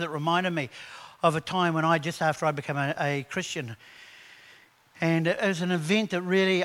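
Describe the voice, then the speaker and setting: A man preaching a sermon, animated and conversational, telling stories to his congregation. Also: on the high side. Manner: animated preaching with acted quotes; conversational storytelling. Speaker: pastor.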